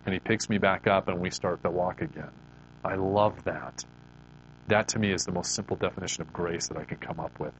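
A man's voice: deep voice, a little fast, a little hiss or hum, poor audio. A man giving an earnest, conversational Christian devotional talk. He often repeats words as he restarts his sentences. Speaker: Christian speaker.

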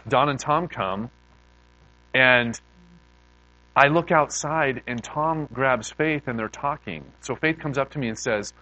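A middle-aged man preaching, telling an emotional testimony story with heartfelt repeated words that build in excitement. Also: mid-range voice, slow, low-quality recording.

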